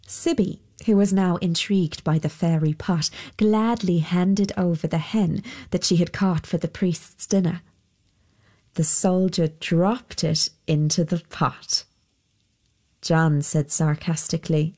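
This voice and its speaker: A woman reading a folk tale aloud in a measured storytelling voice. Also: fairly low pitch, fairly even intonation, warm tone. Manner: slow and measured.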